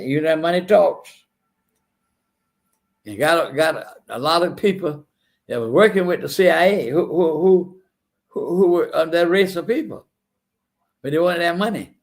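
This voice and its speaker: An older man hosting a talk show, telling stories in a rambling, earnest monologue, often repeating words, and saying he feels a little unwell. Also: fairly high pitch. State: feeling unwell. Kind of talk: casual monologue.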